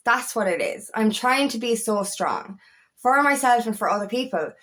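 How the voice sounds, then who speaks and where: A woman's voice: on the high side, animated, moderate pace, fairly bright tone. A woman coach talking candidly to camera in a rambling personal vlog, swearing freely and restarting her sentences often. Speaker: empowerment coach.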